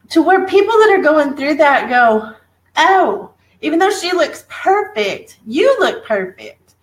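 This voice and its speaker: A woman's voice: sits high, a bit bright, poor audio. A woman interviewing a guest, encouraging and gushing, laughing along as she talks. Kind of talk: warm conversational interview.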